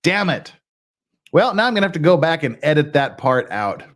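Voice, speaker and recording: Animated, rambling male livestream host. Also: a little high, moderate pace. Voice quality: animated, self-deprecating, swears mildly. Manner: rambling with frequent restarts and laughs. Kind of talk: casual livestream chat.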